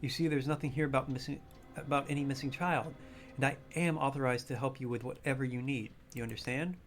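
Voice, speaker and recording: A man putting on a sugary, prim woman librarian from a video game, speaking softly and guardedly and calling people "dearie". The voice sits at a middling pitch and stays hushed and restrained. A faint bit of music plays in the background. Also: fairly even intonation, quick pace, close to an everyday voice. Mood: shaken.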